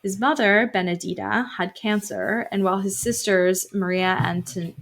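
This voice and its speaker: A young woman with a gravelly, creaky edge to her voice co-hosts a podcast. She tells the story casually, full of "like" and "um", and breaks in with wry, joking asides. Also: medium pitch, fairly even intonation, moderate pace. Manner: conversational, many fillers, wry asides. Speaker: podcast co-host.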